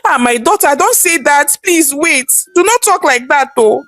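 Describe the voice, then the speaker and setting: A woman with a Nigerian accent voicing a distraught older mother-in-law who pleads and wails in high, quick bursts. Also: lively intonation, no echo. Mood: pleading.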